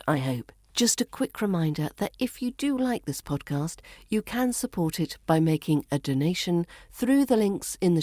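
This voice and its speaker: A woman with a British accent, hosting a podcast and teaching pronunciation in a slow, deliberate scripted style. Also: low-pitched, a little mellow, no room sound, clean studio sound. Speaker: accent coach and podcast host.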